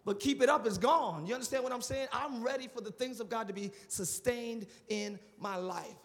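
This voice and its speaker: A male pastor preaching a live sermon, animated and repetitive, asking the congregation for responses and dropping into casual slang. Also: extremely high pitch, normal speed. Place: church sanctuary. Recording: long reverb of a large church.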